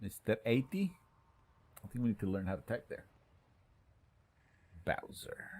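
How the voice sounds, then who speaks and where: A man hosting a live game stream, chatting playfully with viewers and bursting into loud exclamations. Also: fairly low pitch, sing-song, fairly quick, slightly rough. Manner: argues jokingly with chat. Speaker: livestream host playing a game with viewers. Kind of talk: live gaming commentary.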